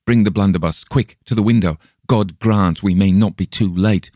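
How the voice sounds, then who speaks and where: A man's voice: low-pitched, moderate pace, warm tone, no echo, clean studio sound. A man reading an audiobook voices a companion who wakes from a stupor and turns urgent, in a raised, strained voice. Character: German traveller, delirious then urgent and defiant.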